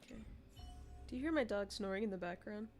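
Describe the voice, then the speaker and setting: A woman's voice: medium pitch, animated, fast talker. A young woman livestreaming in casual chat, talking to her viewers and cooing at her dogs between game talk. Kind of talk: casual live-stream chat. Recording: echoey room, distant mic, music behind.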